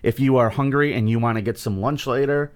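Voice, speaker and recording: A man's voice: mid-range voice, a little fast. A man co-hosting a comedy podcast, chatting casually, teasing his co-host and reading sponsor spots. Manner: teasing, joking banter. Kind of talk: casual chat and sponsor reads.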